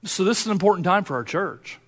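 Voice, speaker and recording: A man preaching a sermon as pastor of his church, earnest, moving between fervent urging and quiet personal confession. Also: sits high, animated, quick pace. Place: church sanctuary. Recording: long hall reverb.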